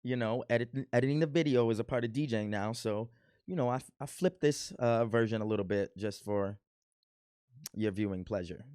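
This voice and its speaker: A man's voice: mid-range voice, normal speed, a little mellow, smooth, dry recording, studio quality. Self-mocking man hosting a reaction video. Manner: self-mocking, playfully boastful. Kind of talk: casual joking commentary.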